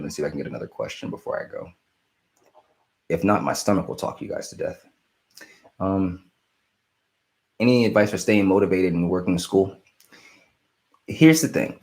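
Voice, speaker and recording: A man's voice: sits low, darkish tone. A young man hosting a casual live stream, rambling and apologetic as he answers viewer questions. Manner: rambling, self-interrupting, apologetic.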